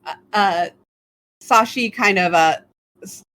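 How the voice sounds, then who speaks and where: A woman playing a tabletop game who describes her character's actions with halting fillers. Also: mid-range voice, fairly bright tone, no room sound. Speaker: player. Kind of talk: tabletop role-play.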